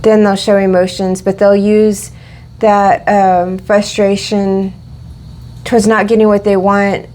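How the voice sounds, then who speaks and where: A woman's voice: medium pitch, flat delivery, slow pace, a little mellow. A woman giving a casual tarot reading, rambling with many fillers and restarts. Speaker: tarot reader.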